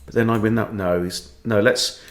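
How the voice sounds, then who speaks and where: A man's voice: on the low side, fairly even intonation, normal speed. A man, a chess coach, commenting on his own game as he plays, thinking aloud and tossing in playful quips.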